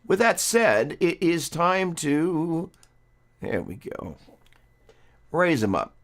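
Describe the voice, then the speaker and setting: Here a man with a slightly high, sing-song, somewhat bright voice speaks slowly as he hosts a casual guitar lesson streamed live. Chatty and rambling, he keeps breaking off mid-sentence to welcome viewers.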